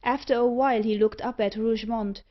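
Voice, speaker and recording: A woman narrating a gothic novel as an audiobook reader, in a steady, even reading voice. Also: a little high, a little fast. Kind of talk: scripted narration. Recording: dull lo-fi audiobook recording.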